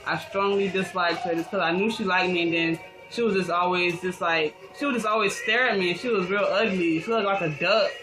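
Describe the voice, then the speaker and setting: A woman's voice: lowish voice, steady tone, fairly quick, few pauses, poor audio. Young woman, vlogger, casual storytelling, slang and swearing, lots of fillers, music in the background. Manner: rambling, slangy and profane with many fillers. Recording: music playing behind.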